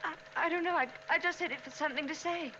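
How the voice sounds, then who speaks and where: An actress playing a shy, anxious young bride, speaking in a hesitant, pleading way with stammering starts, in 1940s film acting. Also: female voice, very high-pitched, quick pace, noisy background. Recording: muffled old film soundtrack.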